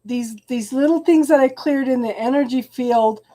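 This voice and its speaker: A woman's voice: sits high, mellow. A woman giving a live-streamed tarot reading to her viewers. She halts and repeats phrases and calls people hun. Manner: halting and repetitive, restarting phrases and calling viewers hun. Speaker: tarot reader.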